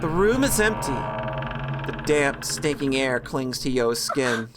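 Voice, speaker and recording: A man's voice: medium pitch, sing-song, unhurried, over loud music. A man reading a horror visual novel's narration aloud with casual, joking asides and frequent self-corrections. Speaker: let's-play host reading a visual novel.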